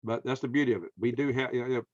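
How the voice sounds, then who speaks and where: A man's voice: medium pitch, steady tone, quick pace, darkish tone, no room sound, dull audio. A man with a Southern American accent, hosting a casual conversation in a folksy, emphatic storytelling manner. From Southern United States. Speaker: podcast host.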